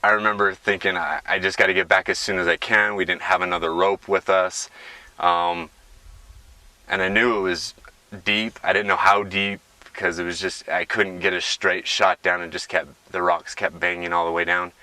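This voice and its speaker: A man's voice: sits low, little pitch movement, normal speed, sharp tone, dry recording. A man recalling a caving trip in an earnest, reflective way in a documentary interview. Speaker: caver interviewee. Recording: distant mic, dry.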